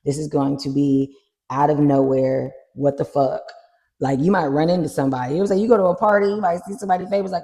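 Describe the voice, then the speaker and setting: A tarot reader chatting casually through a card reading, animated and swearing freely. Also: mid-range voice, quick pace. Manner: animated, swears freely, acts out little scenes.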